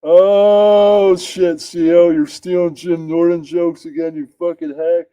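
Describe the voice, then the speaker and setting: A man's voice: high-pitched, flat delivery, takes it slowly, dark tone, clear, resonant tone, no echo, pitched above the performer's own voice, poor audio. A man putting on the voice of a foul-mouthed male friend who taunts and curses. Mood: mocking. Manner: taunting, cursing.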